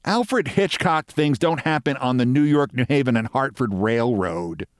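A man voicing a sharp-tongued, skeptical wife in a short story read aloud, scoffing and impatient. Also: mid-range voice, animated, normal speed, no room sound, studio quality, lightly acted. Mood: dismissive.

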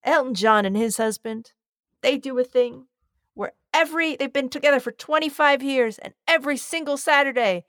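A woman's voice: high voice, moderate pace, a bit bright, no room sound, studio quality. Effusive rambling woman podcast host. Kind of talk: casual podcast chat.

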